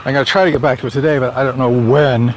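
A man's voice: medium pitch, fairly even intonation, rapid-fire, background noise. A man talking casually while out walking, chatty and rambling, a bit out of breath. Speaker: author vlogging on a walk. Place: outdoors on a sunny suburban street.

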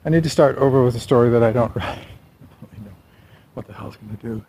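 A man's voice: medium pitch, fast talker, dark tone, slight background noise, poor audio. A man talking through his writing plans in a casual walking vlog, rambling and correcting himself with a wry tone. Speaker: vlogger and novelist.

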